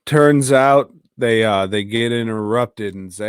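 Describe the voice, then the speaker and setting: A middle-aged man hosts a podcast, rambling in an unhurried, low voice while tipsy from a night of drinking. He swears freely and laughs at his own remarks. The recording is dry and close, with no room sound. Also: clean tone, dry recording. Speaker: podcast host reviewing an episode. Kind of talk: casual rambling review.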